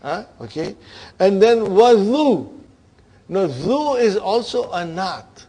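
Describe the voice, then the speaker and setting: Slow, patient male grammar teacher. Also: high-pitched, sing-song, warm tone, breathy edge. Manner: patient, checks understanding with frequent "okay?" and "huh?"; addresses students as brothers and sisters. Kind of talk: classroom grammar lesson.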